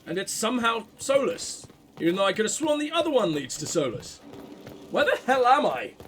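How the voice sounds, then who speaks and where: A man giving casual gameplay commentary, reacting out loud and swearing freely as he thinks aloud. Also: high-pitched, sing-song, fairly quick, slight background noise. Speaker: let's play commentator.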